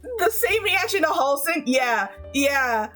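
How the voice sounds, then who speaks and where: High-pitched woman streamer gushing to chat, lots of giggles and cussing, voice bouncing all over, faint music behind. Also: big pitch swings, slow, pushed and bright. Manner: giggly and gushing, swears, many restarts. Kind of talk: casual chat with viewers.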